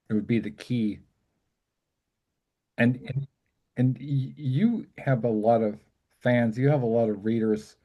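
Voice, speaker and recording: A man hosting a casual chat, talking in an excited, rambling way with frequent laughs. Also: mid-range voice. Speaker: host.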